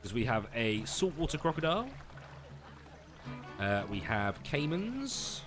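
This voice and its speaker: A man's voice: medium pitch, measured pace, music in the background. A man live-streaming a zoo-building game, chatting casually with viewers and laughing often. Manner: relaxed and chatty, hedging with fillers and laughing often.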